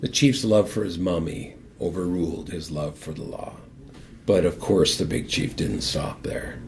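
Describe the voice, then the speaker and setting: An older man with a very low, deep voice tells his story as a guest on the program. He speaks earnestly and with lively storytelling energy. A faint low rumble sits under his voice. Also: measured pace. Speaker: guest, former hockey captain. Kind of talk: personal testimony and storytelling.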